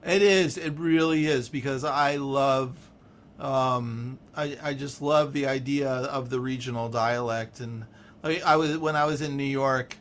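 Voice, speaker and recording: A man from San Francisco with a Californian accent, chatting casually in an animated, rambling way and laughing often. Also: medium pitch, measured pace, a little hiss or hum. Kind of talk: casual chat.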